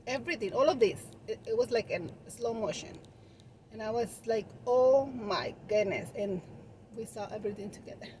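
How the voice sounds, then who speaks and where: A woman's voice: fairly high pitch, fairly even intonation, a little fast, darkish tone, slight background noise, rough recording. A woman with a Spanish accent whose first language is Spanish chats casually to camera about running her balloon decor business. She talks in a loose, rambling way, restarting phrases and using fillers as she goes. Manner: chatty, with frequent restarts and fillers.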